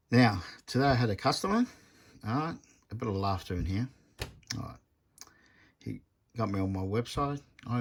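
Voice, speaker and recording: A man's voice: on the low side, slightly rough. A man, a repair technician chatting bluntly in a casual workshop vlog. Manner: blunt, chatty storyteller, retells arguments animatedly.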